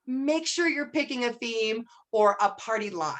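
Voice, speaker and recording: A woman's voice: on the high side, lively intonation, unhurried. Chatty woman coaching a sales team. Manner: chatty, acts out sample lines in a brighter voice. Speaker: direct sales team trainer. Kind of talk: casual training talk.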